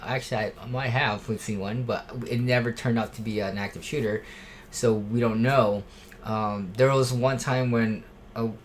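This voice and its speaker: A man speaking off the cuff about watching for threats at church, with a mid-range voice. He rambles, restarts sentences and leans on fillers as he tells it. A faint hiss of noise sits under the recording. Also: medium pitch. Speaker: church safety volunteer. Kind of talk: casual unscripted talk.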